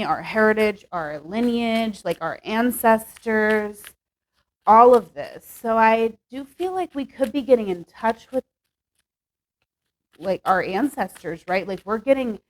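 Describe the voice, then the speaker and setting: A woman's voice: mid-range voice, poor audio. Chatty young woman reading tarot. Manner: chatty and upbeat, filler-heavy with "like" and "okay". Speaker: tarot reader. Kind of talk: casual tarot reading to camera.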